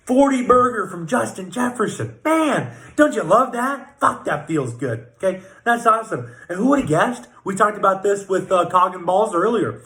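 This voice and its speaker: Guy with a high voice trash talking his fantasy league, cussing a lot, echoey room. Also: expressive, normal speed, hardly any pauses, sharp tone. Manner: crude, profane trash talk with a tag-question "okay?". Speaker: fantasy football league commissioner. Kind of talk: comedic power rankings roast.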